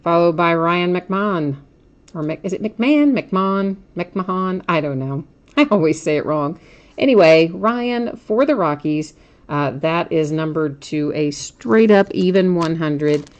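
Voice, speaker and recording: A woman's voice: low-pitched, measured pace, muffled recording. A woman hosting a card break, chatting casually as she names each card she pulls and laughs at her own slips.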